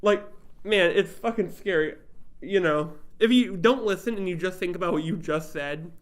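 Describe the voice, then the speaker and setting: A man's voice: high voice, normal speed, background noise. A young man with an Ohio accent, rambling and swearing in a casual podcast chat. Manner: rambling, swears a lot, laughs often. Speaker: podcast co-host.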